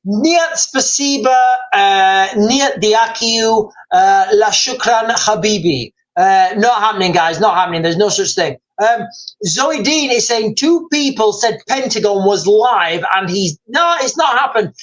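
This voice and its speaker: A man's voice: high voice, expressive, fairly bright tone, low-quality recording. A man hosting a livestream, ranting and rambling with emphatic repetition. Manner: rambling, fast and emphatic, repeating himself. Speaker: livestream host.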